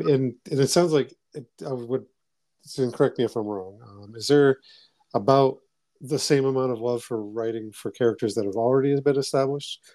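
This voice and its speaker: A man hosting a casual interview podcast, eager and halting as he talks. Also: mid-range voice, dark tone, dry recording. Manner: eager, halting, keeps saying awesome. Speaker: podcast host.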